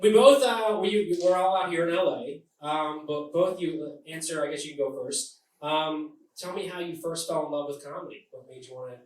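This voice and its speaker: A man's voice: a little high, normal speed, few pauses. A man from New Jersey hosting a live talk show on stage, hyped and swearing freely. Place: live comedy venue stage. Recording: echoey live room, distant, noisy. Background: loud cheering crowd.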